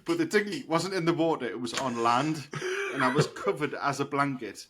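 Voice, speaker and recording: A podcast co-host with a mid-range voice speaks a little fast, telling a rambling story in casual conversation. The recording is noisy, and his delivery is animated, with laughter and free swearing.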